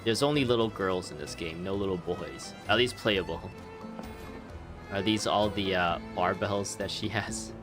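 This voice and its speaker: A man's voice: deep voice, measured pace, music in the background. A man chatting casually over gameplay, rambling and laughing often. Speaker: game streamer. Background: game audio.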